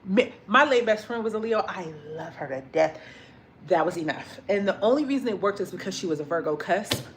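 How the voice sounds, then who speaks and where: A woman in a home kitchen chats casually with her livestream viewers, with a faint hum of background noise. Her voice sits at an average pitch for a woman, and she acts out other people's lines with big jumps in pitch. She tells her stories in an animated way and curses freely. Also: a little fast. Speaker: vlogger chatting with live viewers. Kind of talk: casual livestream chat while cooking.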